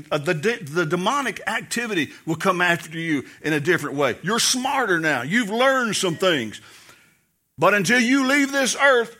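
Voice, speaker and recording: A man's voice: sits high, pushed and bright. A man preaching a sermon as pastor, telling stories and acting out voices in the quotes. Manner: storytelling preacher, acts out quotes, laughs.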